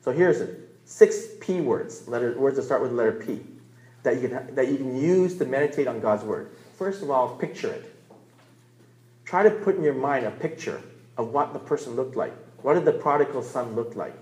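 Male pastor, mid-pitched, emphatic church teacher, recorded in an echoey room. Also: lively intonation, normal speed, darkish tone. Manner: earnest, emphatic, repeats key words with rising stress.

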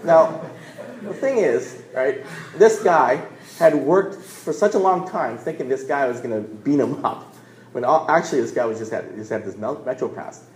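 A man in his forties preaches a sermon in a loose, conversational, storytelling way, checking in with the listeners as he goes. His voice sits at an ordinary middle pitch. A roomy echo surrounds it in a large space. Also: moderate pace. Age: 40s. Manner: conversational storytelling, repeats words, asks "right?".

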